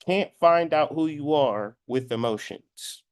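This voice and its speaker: A man's voice: on the high side, slow, no echo, clean studio sound. Blunt profane man lecturing in his thirties. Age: 30s. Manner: acts out quoted voices in dialogue. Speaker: spiritual astrology commentator. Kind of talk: preachy monologue.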